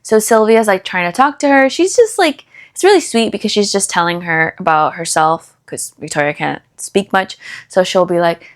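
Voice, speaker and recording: A woman's voice: fairly low pitch, moderate pace. Chatty young woman gossiping about a book. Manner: gossipy, animated retelling with fillers and quoted asides. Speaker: book review vlogger. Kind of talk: casual chatty book review.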